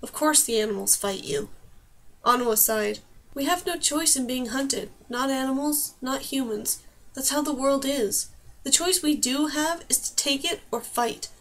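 A woman's voice: sits high, unhurried, a bit bright. A woman reading a novel chapter aloud as an audiobook, lifting her voice for the characters' emotional lines. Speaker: audiobook reader. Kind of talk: scripted narration.

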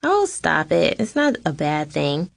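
A woman's voice: deep voice, big pitch swings, a little slow, vocal fry, no room sound, heavily acted. A woman voicing a middle-aged mother who gives frank, playful advice and scolds her daughter lightly. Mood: reassuring.

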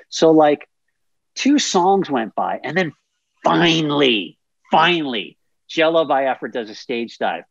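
A man in his fifties, a podcast guest, telling stories in a lively, profane way and acting out the scenes. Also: mid-range voice, a little slow, no echo, muffled recording. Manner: animated, profane, acts out scenes. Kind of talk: casual storytelling.

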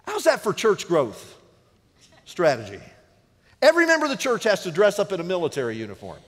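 A male pastor delivering a sermon in a long-reverb sanctuary. His voice sits high and moves through a very wide range, rising to emphatic peaks and falling to hushed, low-spoken phrases. The hall carries a long echo behind every line. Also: huge pitch swings, fairly quick. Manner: dynamic preaching, drops to a hushed low voice for emphasis. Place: church sanctuary.

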